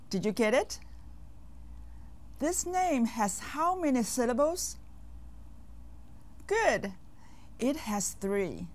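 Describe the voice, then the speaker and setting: Woman as a patient children's language teacher: slow, clear delivery, animated pitch. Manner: slow, carefully enunciated, with quizzing pauses. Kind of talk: scripted language lesson for kids.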